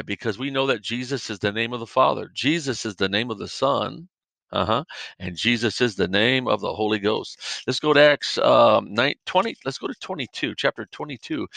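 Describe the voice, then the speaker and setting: A man's voice: medium pitch, creaky, a bit bright, no room sound. A middle-aged man host preaching a podcast sermon, fervent and emphatic with exclamations.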